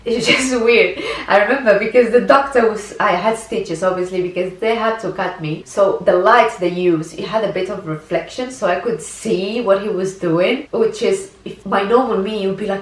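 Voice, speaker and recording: A young woman telling a personal story in a chatty, animated way, with lots of "like" fillers. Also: medium pitch, moderate pace, few pauses. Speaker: vlogger telling her birth story. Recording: echoey room.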